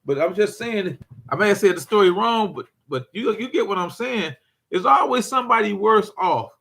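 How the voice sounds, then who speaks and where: Older man, prepper host, rambling folksy monologue, voice a bit high. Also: animated, moderate pace, gravelly, a bit bright. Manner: rambling, repeats himself, folksy storytelling. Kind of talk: casual monologue to viewers.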